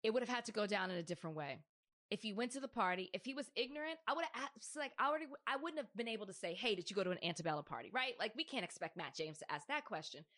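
A woman in her thirties talks on a podcast in an animated, emphatic way. Her voice is bright and clear at a middle pitch. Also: quick pace. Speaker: podcast co-host. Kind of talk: casual chat.

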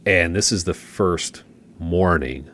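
A podcast co-host tells long jokes and stories in a relaxed, laid-back chat. His low-pitched voice is a bit bright and he takes his time. There is a slight hiss or hum in the audio.

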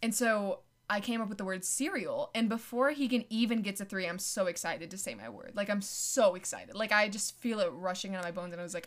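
A woman's voice: medium pitch, a little fast, few pauses. A young woman, a podcast guest, chatting casually and telling stories with lots of giggles and fillers. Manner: giggly, animated storyteller, many fillers. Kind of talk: casual chat.

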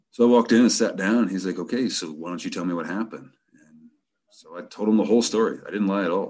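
A man's voice: low voice, slightly rough. A middle-aged man telling a personal story in a candid, profane, rambling way. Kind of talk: casual storytelling.

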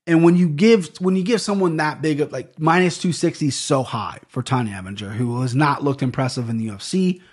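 A young man hosts a casual sports-betting podcast about fight picks from a desk microphone. His voice is a little high and breathy-edged, and he talks briskly with few pauses, rambling, swearing, and tripping over names.

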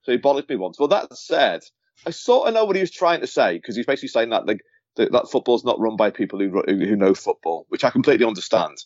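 A man's voice: mid-range voice, sing-song, quick pace, a little mellow, no room sound, muffled recording. A man who co-hosts a football podcast, telling rambling anecdotes from his time as a sports journalist with lots of restarts. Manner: rambling storyteller with many restarts. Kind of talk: casual chat, anecdote telling.

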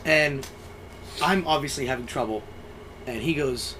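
A man's voice: mid-range voice, animated, unhurried, pauses often, a bit bright, a little hiss or hum. A young man co-hosting a podcast, telling crude, self-mocking stories in casual chat. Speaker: podcast co-host, sailor.

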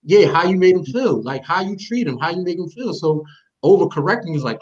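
A man's voice: sits high, lively intonation, brisk. A man co-hosting a podcast, talking in a stammering but emphatic way. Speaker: podcast co-host. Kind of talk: casual interview chat. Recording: slightly muffled lo-fi audio.

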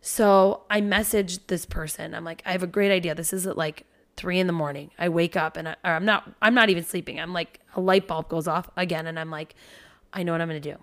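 A woman, a parent in her thirties, telling a story on a podcast in an animated, swearing, casual way. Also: lowish voice, brisk. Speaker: podcast host.

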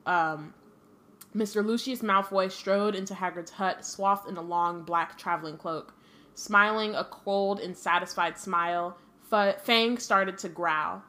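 A woman's voice: medium pitch, unhurried, pushed and bright. Casual young woman reading a novel aloud. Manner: reads a novel aloud with little character acting, drops into profane asides. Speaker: podcast co-host. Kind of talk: casual read-aloud and book chat.

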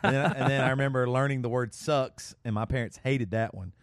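A man co-hosting a casual podcast, telling stories with lively laughter. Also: mid-range voice, fairly quick, no room sound, studio quality. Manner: lively storyteller who laughs as he talks. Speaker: podcast co-host. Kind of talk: casual chat.

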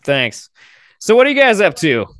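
A man's voice: high voice, big pitch swings, normal speed, fairly bright tone. A man hosting a podcast, chatting with strangers on a video call and telling jokes with lots of fillers. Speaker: podcast host. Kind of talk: casual video chat with strangers.

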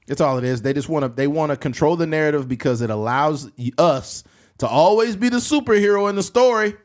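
A man co-hosting a casual podcast, animated and joking, dropping to low mutters. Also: brisk. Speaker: podcast co-host.

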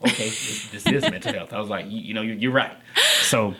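A man as a podcast guest, telling his story in a casual, animated way, acting out the voices he quotes and laughing often. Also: on the low side, fairly quick, crowd noise.

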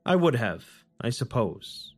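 A man voicing a devout, honor-bound warrior woman saint, speaking in a solemn, formal way at a slow pace. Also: mid-range voice, sing-song, breathy edge, soft background music, full character voice.

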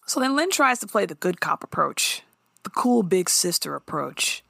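Animated woman telling stories, creaky. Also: lowish voice, no echo, clean studio sound. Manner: animated, profane storytelling with quick character impressions. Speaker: podcast co-host recapping a TV show. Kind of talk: casual chat.

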